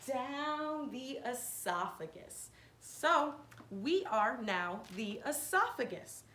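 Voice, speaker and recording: A woman with a fairly high voice walks children through a hands-on science lesson one step at a time. She explains clearly and patiently. The recording rings around an echoey room, with a faint hiss underneath. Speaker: science teacher.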